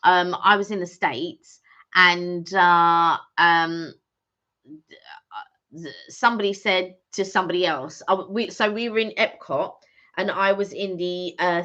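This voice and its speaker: A woman's voice: lowish voice, sharp tone. A woman, co-hosting a casual live stream and chatting in a rambling way with many fillers. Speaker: co-host. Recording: dull lo-fi sound.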